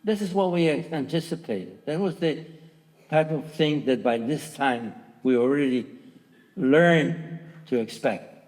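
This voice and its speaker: A man in his nineties giving personal testimony to a large theatre audience, speaking haltingly with restarts and raising his voice when quoting others. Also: on the high side, animated. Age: 90s. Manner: halting, with restarts, voicing quoted dialogue louder. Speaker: Holocaust survivor giving testimony. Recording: long theatre reverb.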